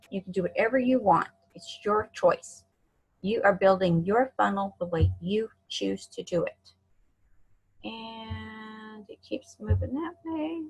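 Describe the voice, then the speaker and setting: A woman giving a screen-share software tutorial in a chatty, encouraging way, talking to herself as she clicks. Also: mid-range voice, slightly rough, poor audio. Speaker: online marketing instructor.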